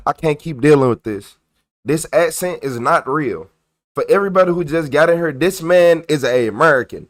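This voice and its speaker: A man's voice: a little high, animated, moderate pace. Slangy man ranting at his stream chat. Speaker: livestream host reacting to police videos. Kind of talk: casual live reaction commentary.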